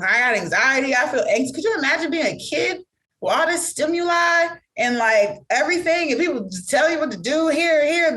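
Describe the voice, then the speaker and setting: A woman guest on a podcast, speaking candidly and earnestly with lots of fillers, acting out quick quotes in an animated way as she tells stories. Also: sits high. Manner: earnest, reflective, filler-heavy talk.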